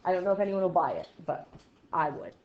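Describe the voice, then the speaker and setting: A woman's voice: on the low side, expressive, fast talker, a little hiss or hum. A woman teaching a math class in a classroom, playful and jokey, with exaggerated asides. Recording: echoey classroom, dull lo-fi sound.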